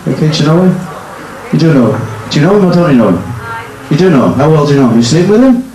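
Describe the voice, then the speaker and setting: A man's voice: on the high side, very animated, fast talker. A man working as a stage hypnotist, teasing volunteers and the crowd with cheeky banter during a live nightclub show. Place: nightclub stage in front of an audience. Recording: echoey club, loud music and crowd.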